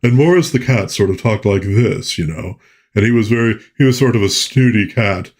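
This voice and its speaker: A man with a slightly husky voice rambles through casual pop culture chat as the show's host. His pitch rises and falls a lot as he talks, and he keeps drifting into folksy asides. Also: lively intonation, moderate pace, darkish tone. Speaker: podcast host.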